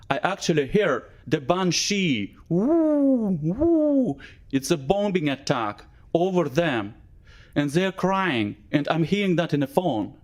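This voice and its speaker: Emotional man making a halting appeal. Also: on the high side, a little mellow. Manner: emotional, halting, with many fillers; non-native English phrasing. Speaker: appellant at a council hearing. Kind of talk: public presentation. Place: council chamber.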